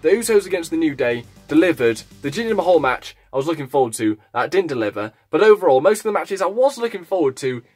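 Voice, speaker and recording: A man giving a casual, blunt wrestling review vlog, swearing freely and sounding animated. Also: fairly high pitch, fast talker, few pauses, no echo, faint music behind.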